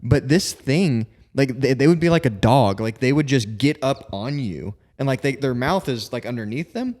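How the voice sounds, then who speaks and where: A man's voice: mid-range voice, animated, darkish tone. A young man co-hosting a podcast, asking curious questions and telling casual stories. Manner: curious questioning, quick to laugh. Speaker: podcast co-host. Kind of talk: casual chat.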